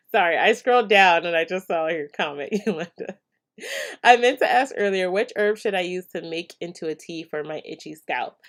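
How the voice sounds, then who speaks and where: A woman with a lowish voice hosts a casual live stream, reading out viewer comments and answering questions about hair care. She's chatty, laughs often, and uses lots of fillers.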